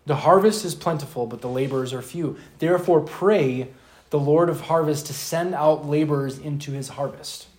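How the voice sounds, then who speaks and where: A man's voice: on the high side, darkish tone. Preaching man in an echoey room. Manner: casual, retells scripture in modern slang. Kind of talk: sermon.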